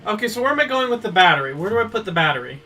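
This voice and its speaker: A man's voice: sits high, big pitch swings, pushed and bright, recorded from a distance, faint music behind. A man playing a game on stream, joking and teasing his friends. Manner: joking, teasing, quick questions. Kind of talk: casual gaming chat.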